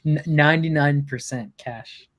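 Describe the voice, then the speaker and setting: A man's voice: fairly high pitch, unhurried, dull audio. A man, a real estate closer, telling stories casually in an interview and mimicking the people in them. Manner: storytelling, mimics others' voices while telling stories. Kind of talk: casual interview over video call.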